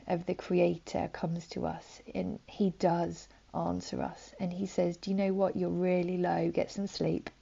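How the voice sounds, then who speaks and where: Woman, gentle devotional talk; low, mellow, very gravelly; dull lo-fi recording. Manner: gentle, conversational, many fillers, drops to soft whispers. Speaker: preacher. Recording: dull lo-fi audio.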